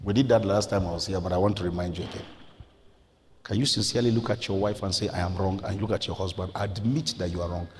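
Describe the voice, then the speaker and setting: A man's voice: low-pitched, steady tone, fast talker, a little hiss or hum. Man with a Nigerian accent preaching in a church hall. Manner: preaching with sudden loud rises and quiet drops. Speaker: pastor. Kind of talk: sermon.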